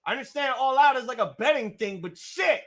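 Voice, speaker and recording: A man hosting a live wrestling watch-along, reacting with excitable, profanity-laced outbursts while his voice gets strained. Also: very high voice, brisk. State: voice getting strained.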